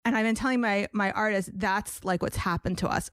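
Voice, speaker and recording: A woman's voice: medium pitch, steady tone, fairly quick, a bit bright, no room sound, studio quality. A woman with a New York accent hosting a podcast interview, talking in a chatty, enthusiastic way. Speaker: podcast host. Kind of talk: casual interview chat.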